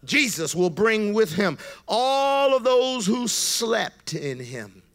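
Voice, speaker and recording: A man preaching a sermon, building from quiet explanation to shouted emphasis with call-and-response. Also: high voice, very animated, slow.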